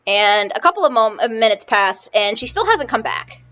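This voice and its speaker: A woman's voice: a little high, big pitch swings, normal speed, fairly bright tone. A woman narrating a tabletop game as game master, chatty and often restarting her sentences. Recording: muffled lo-fi recording.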